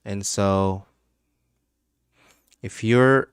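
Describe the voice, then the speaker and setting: A man's voice: fairly low pitch, fairly even intonation, drawn-out words, clear, resonant tone, no room sound, studio quality. A man hosting a casual live stream about crypto trading, rambling, laughing often and swearing freely. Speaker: crypto trading livestream host.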